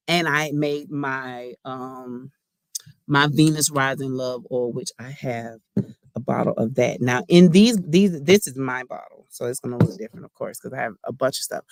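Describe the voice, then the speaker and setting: A woman's voice: low voice, dry recording. Brief: woman, chatty spiritual card reader, slangy, addresses viewers directly, dry close sound. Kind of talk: casual spiritual card-reading chat.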